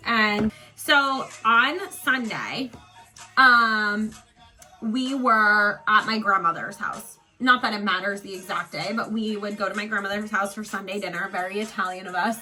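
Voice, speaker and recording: A psychic medium woman rambles through a personal story in a chatty, filler-heavy way, emotional at moments. Her voice is bright and forceful. Faint music plays behind her. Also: medium pitch, fairly even intonation, measured pace, low-quality recording. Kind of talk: casual get-ready-with-me storytelling.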